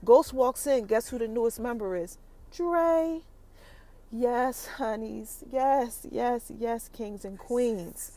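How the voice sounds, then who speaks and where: A woman hosting a podcast, recapping a TV episode in a lively, chatty way and talking straight to her listeners. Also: a little high, slow, hardly any pauses. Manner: animated, chatty, addresses listeners directly. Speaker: podcast host.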